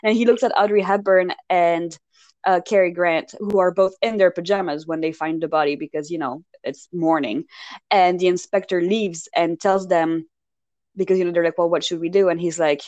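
A woman's voice: fairly low pitch, fairly even intonation, normal speed, a little mellow, no echo. A woman co-hosting a podcast, chatting casually and rambling about a film with lots of fillers and asides. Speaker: podcast co-host. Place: lived in Paris.

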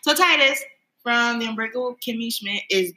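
A woman's voice: on the high side, normal speed, pushed and bright, low-quality recording. A young woman in casual podcast chat, rambling and laughing often, with lots of "like". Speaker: podcast co-host.

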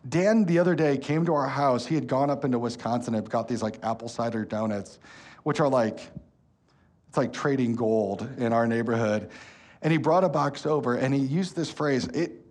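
A man, preaching a sermon as pastor, telling stories with lively energy and turning soft and slow when earnest. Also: mid-range voice. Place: church hall.

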